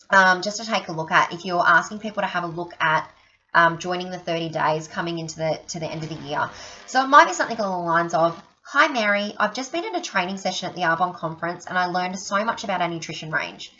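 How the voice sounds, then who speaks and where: Chatty woman, bright voice. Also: on the low side. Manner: chatty storyteller, acts out quotes, many "okay?" asides. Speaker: sales consultant giving a training talk. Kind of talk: motivational training talk. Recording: dull lo-fi recording.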